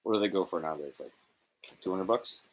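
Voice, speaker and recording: A man with a low, deep voice trades blunt, sarcastic quips. He swears freely and keeps things loose and conversational. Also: fast talker. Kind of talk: casual chat.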